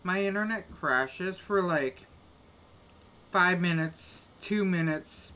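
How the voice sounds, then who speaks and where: A man's voice: sits high, slow pace, pushed and bright. A man grumbling casually to his live-stream chat while he plays a game, with exasperated little rants.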